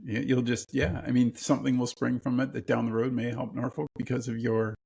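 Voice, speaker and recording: Gravelly podcast host man. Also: mid-range voice, little pitch movement, a little fast, a little mellow. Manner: brief encouraging backchannels, sums up the point. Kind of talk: casual podcast conversation.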